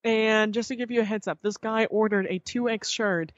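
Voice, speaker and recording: A woman guest on a podcast, telling a story in casual chat, animated and swearing freely as she acts out what others said. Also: a little high, moderate pace, no echo, muffled recording.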